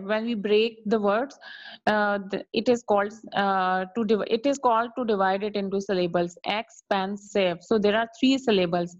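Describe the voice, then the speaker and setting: Teacher with explaining grammar. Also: female voice, mid-range voice, dry recording. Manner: slow, repetitive explaining, checking in with "clear?". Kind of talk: online grammar lesson. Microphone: video call. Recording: dull lo-fi video call audio.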